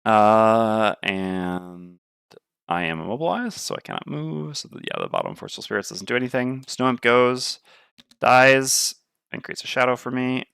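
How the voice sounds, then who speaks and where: A man's voice: mid-range voice, big pitch swings, normal speed, vocal fry, a bit bright, clean tone, dry recording, clean studio sound. A man playing a tabletop board game on stream, thinking aloud and weighing his moves. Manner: muttering, weighing options aloud.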